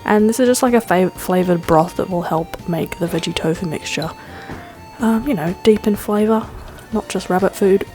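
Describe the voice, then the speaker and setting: A woman's voice: medium pitch, normal speed, mellow, soft background music. A woman hosting a vlog, first narrating a film essay, then chatting enthusiastically through a recipe with fillers and laughs. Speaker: vlog host.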